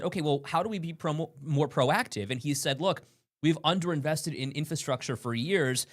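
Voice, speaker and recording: A young adult woman from downstate New York co-hosting a casual morning show, chatty and quick to laugh as she reads viewer comments. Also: deep voice. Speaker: TV news co-host and reporter.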